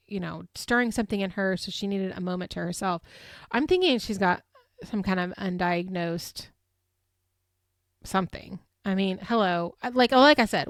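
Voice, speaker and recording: A woman in her thirties, hosting a podcast and retelling events in a chatty, animated way, full of fillers. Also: medium pitch, no room sound, studio quality. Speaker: podcast host. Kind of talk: casual recap chat.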